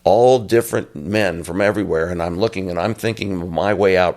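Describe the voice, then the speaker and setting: A man's voice: low-pitched, brisk. An older man, a former soldier, telling his life stories in an interview and acting out the people in them. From Phoenix, United States. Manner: animated storyteller, acts out shouted drill sergeant quotes. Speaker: guest, army veteran. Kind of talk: storytelling interview.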